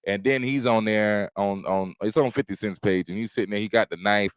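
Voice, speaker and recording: Laid-back, profane comedian chatting. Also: male voice, lowish voice, fairly quick, clean tone, no room sound. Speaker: comedian hosting his own stream. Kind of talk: casual livestream chat. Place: at home, smoking while chatting.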